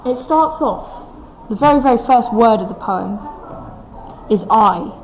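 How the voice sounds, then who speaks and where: A woman's voice: fairly high pitch, expressive, unhurried, darkish tone, slight background noise, rough recording. A woman teaching a recorded English lesson, explaining a poem step by step and reading its lines aloud with the stresses brought out.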